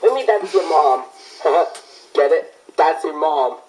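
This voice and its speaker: A man's voice: fairly high pitch, lively intonation, slow pace, darkish tone, slight background noise. A teenage boy in a casual reaction video, joking and teasing with repeated gags.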